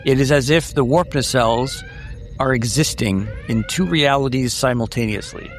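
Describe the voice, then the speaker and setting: Guy gm narrating a sci-fi tabletop game, dramatic and measured, mid pitch. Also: wildly swooping pitch, a little hiss or hum. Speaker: game master.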